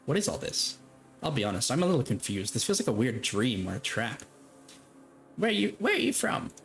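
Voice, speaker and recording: A man's voice: medium pitch, very animated, brisk, gravelly, fairly bright tone, faint music behind. A man voicing a cheery, sly middle-aged woman trader in a sing-song, overly sweet way. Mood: sweetly cheery.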